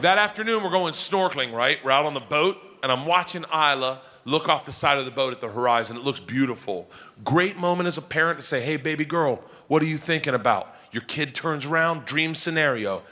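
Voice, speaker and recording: A middle-aged man doing stand-up comedy, telling loud, animated stories on a live stage as the audience laughs. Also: a little high, a little fast. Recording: live venue with loud crowd noise.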